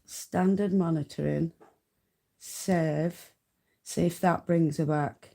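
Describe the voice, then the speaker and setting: A woman's voice: low-pitched, steady tone, slow, gravelly, dark tone. Yorkshire lass hosting a live spinning stream, chatty and homely, laughs a lot, takes her time. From North Yorkshire, England. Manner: chatty, laughs often, homely turns of phrase. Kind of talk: casual live-stream tutorial chat.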